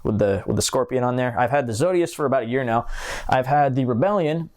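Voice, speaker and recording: A man's voice: medium pitch, fast, darkish tone. A young man hosting a fishing channel, reviewing gear in a chatty, joking way and drifting onto tangents. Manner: chatty and joking, talks with his hands, goes off on tangents. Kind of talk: casual gear review to camera.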